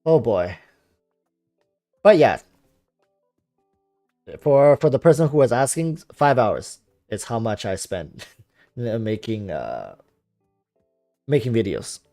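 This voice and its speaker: This young man has a calm, relaxing voice that still bounces up and down in pitch as he rambles. He reads out and answers viewer comments on a casual game stream. The sound is close and dry, with faint music underneath. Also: takes it slowly, long pauses, dry recording. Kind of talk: casual livestream chat.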